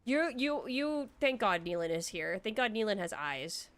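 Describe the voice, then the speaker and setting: A young woman giving casual commentary while she plays an online game. She is excitable, swears freely and thinks aloud as she goes. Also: mid-range voice, normal speed. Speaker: streamer playing an online game.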